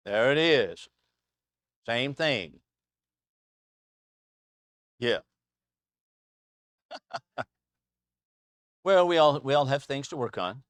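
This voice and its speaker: A man leads an informal Bible class in a church room, mid-pitched and easygoing. He drifts into anecdotes and chuckles often between points. His voice sounds dry and close, with little room around it. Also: no room sound. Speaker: Bible study teacher. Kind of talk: casual Bible class teaching. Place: church classroom with a small group.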